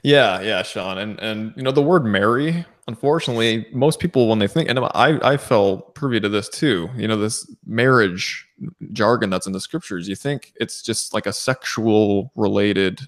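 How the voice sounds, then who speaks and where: A man's voice: on the low side, normal speed. A man co-hosting a casual scripture discussion, affirming his partner and addressing listeners as brothers and sisters.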